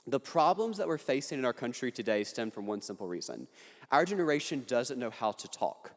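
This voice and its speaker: Earnest young man speaking in a big hall. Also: fairly high pitch. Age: young adult. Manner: earnest, punchy delivery with jokes. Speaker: political speaker. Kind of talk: speech to an audience. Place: large hall on a university campus. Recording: hall reverb.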